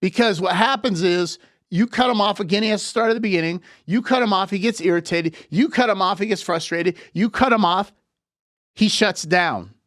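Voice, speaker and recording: Male relationship coach, higher register, dry close-mic, emphatic and repetitive. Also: normal speed, fairly bright tone, no room sound. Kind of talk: live relationship advice talk.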